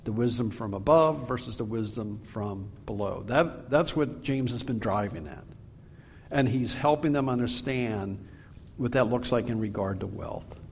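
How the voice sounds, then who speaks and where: A man's voice: mid-range voice, gravelly, slight background noise. Earnest male preacher with long reverb. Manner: earnest, emphatic, slows for scripture readings. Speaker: pastor. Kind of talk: sermon, Bible teaching.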